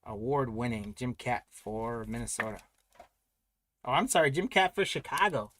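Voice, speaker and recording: A man's voice: mid-range voice, moderate pace, fairly bright tone, slight background noise. A man hosting a live trading card break, announcing pulls and congratulating buyers in an upbeat, chatty way.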